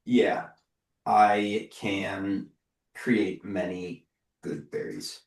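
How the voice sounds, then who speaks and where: A man's voice: lowish voice, steady tone, extremely slow, creaky. A man playing a tabletop game, hesitantly thinking aloud through spell rules. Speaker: player. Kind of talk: casual game banter. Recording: roomy, distant mic.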